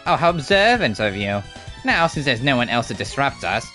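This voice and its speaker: A man's voice: mid-range voice, big pitch swings, moderate pace, pushed and bright, faint music behind. Smug nasal young villain, put on by a male streamer dubbing a game live, haughty and condescending. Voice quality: nasally, annoying. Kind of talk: live fan dub of game dialogue.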